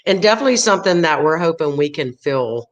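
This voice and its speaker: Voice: medium pitch, animated, fast, muffled recording. A panel moderator who asks questions and gives brief encouraging affirmations. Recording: noisy recording.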